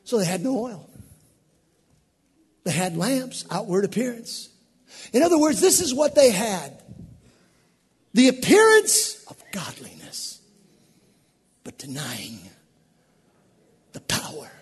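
A male pastor preaching a sermon in a church sanctuary, swinging from quiet asides to shouted bursts. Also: very high voice, sing-song, unhurried, pauses often, slightly rough, big-room sound.

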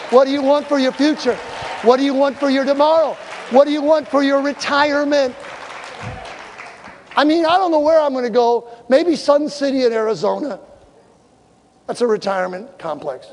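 A male pastor preaching a sermon in a church, telling funny stories and breaking into shouted exhortations. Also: very high-pitched, normal speed, pauses often, long reverb tail, a faint crowd, a little hiss or hum. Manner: animated, humorous storytelling with shouted exhortations. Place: church sanctuary.

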